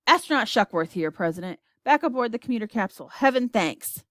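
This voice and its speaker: A woman's voice: fairly high pitch, expressive, fairly quick, no echo, natural voice. A woman voicing a folksy, easygoing male astronaut reporting over the radio.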